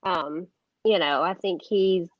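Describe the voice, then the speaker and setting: A woman's voice: lowish voice, slow, dull audio, noisy background. A woman in a casual chat, easygoing and laughing at her own stories.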